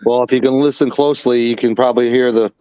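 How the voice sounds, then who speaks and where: A man's voice: mid-range voice, fairly even intonation, quick pace, darkish tone, clean tone. A man hosting a casual livestream chat, joking and teasing his guests. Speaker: livestream host. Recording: dull dry stream audio.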